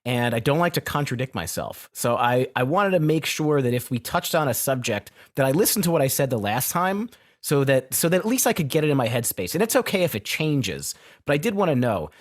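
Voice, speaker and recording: A man co-hosting a podcast, his voice mid-pitched and ordinary. He rambles a little, restarts his sentences and keeps things friendly. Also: big pitch swings, brisk. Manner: rambling, self-correcting, good-natured. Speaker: podcast co-host. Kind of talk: casual podcast chat.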